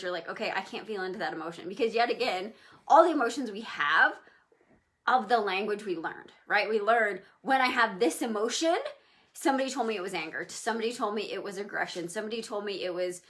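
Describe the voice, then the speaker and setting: A woman co-hosting a live video chat, talking casually with quick asides and "um"s. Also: medium pitch, fairly bright tone. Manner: chatty, quick asides, fillers like "um". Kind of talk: casual live-stream talk.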